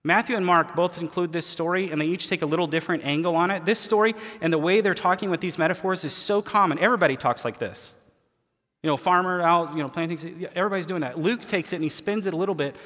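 A man preaching a sermon as pastor, folksy and colloquial, moving between quiet asides and loud emphatic lines. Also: high-pitched, fast talker. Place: church sanctuary. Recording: long hall reverb.

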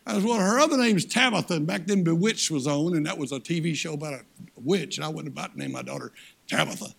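As guest speaker, an older man preaches a folksy sermon at a quick pace in a gravelly voice. He swings between loud, high-pitched exhortation and hushed, low appeals.

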